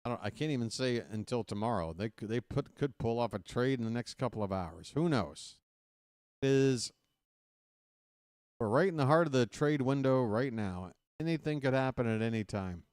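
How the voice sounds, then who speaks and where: A man's voice: medium pitch, animated, moderate pace, a little mellow, smooth, no room sound, studio quality. A man hosting a baseball play-by-play livestream, chatting casually with viewers after the game and calling them folks. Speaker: play-by-play host.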